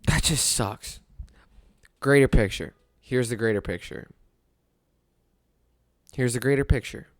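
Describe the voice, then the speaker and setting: A man's voice: mid-range voice, a little slow, pauses often, no room sound. Man, young adult, sports podcast host, rambling and rueful, dry close sound. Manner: rueful, rambling, laughs at his own misery. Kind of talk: casual sports talk monologue.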